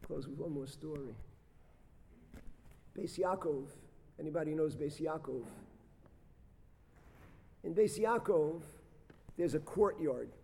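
Gravelly man telling a sermon story. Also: a little high, takes it slowly, pauses often. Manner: animated storyteller, rising loud for drama and dropping soft for reflection. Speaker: rabbi. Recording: long hall reverb.

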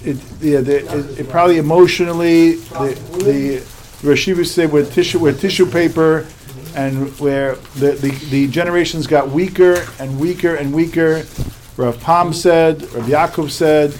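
A man's voice: on the high side, steady tone, moderate pace, darkish tone. A middle-aged man from the United States, a religious teacher telling a story to his class in a repetitive, emphatic way.

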